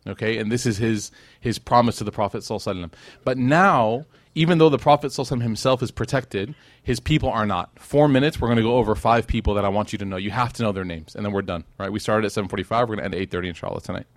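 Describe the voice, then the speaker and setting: A man's voice: on the low side, racing, few pauses, dry recording. Male religion teacher, casual lecture delivery, conversational, dry close-up recording. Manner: conversational, checks in with "right?" and acts out quotes. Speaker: Islamic class teacher.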